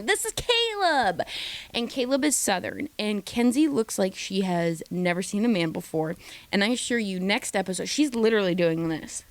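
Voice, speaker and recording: A woman recapping a reality dating show in a chatty, gossipy way, slipping into quick mimicked voices of the cast. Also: mid-range voice, lively intonation. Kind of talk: casual recap commentary.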